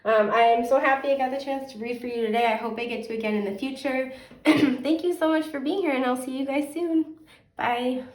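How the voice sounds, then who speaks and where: A young woman gives a casual pick-a-card tarot reading, chatty and gentle, with plenty of fillers and "like"s. She sounds a bit sniffly and coughs now and then. Her voice sits some way from the mic and rings in an echoey room. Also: high voice, fairly even intonation, a little fast, recorded from a distance. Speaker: tarot reader.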